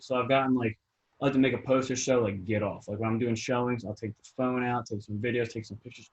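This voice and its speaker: A young man from New Jersey with a Jersey accent, chatting casually as a realtor guest, rambling and animated, with lots of "like". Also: lowish voice, fast talker, dull audio. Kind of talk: casual podcast chat.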